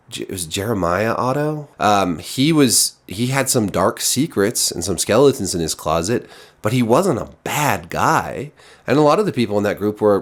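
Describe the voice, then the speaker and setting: Brief: frustrated male critic with a lowish voice, rambling through a casual review. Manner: exasperated, rambling, frequent restarts. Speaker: TV show reviewer.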